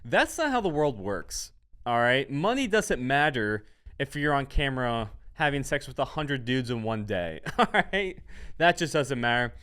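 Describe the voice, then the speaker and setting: A man's voice: medium pitch, big pitch swings, a little slow, a bit bright, smooth. A young man hosting a comedy vlog, ranting in a rambling, mocking way and repeating his catchphrases.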